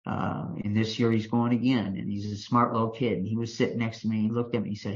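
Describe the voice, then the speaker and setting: A man's voice: on the low side, little pitch movement, fast, few pauses. An older man from Kentucky with a Kentucky accent, speaking as a speaker at a recovery meeting and telling a folksy personal story with restarts and fillers. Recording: dull lo-fi meeting recording.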